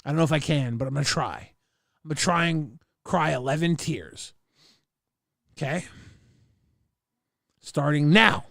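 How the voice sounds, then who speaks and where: Male livestream host, unhurried jokey chat-reader, raspy fry, dry room. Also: on the high side, fairly bright tone, no echo. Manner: joking, drawn-out hype announcements. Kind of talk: casual livestream chat, reading viewer messages.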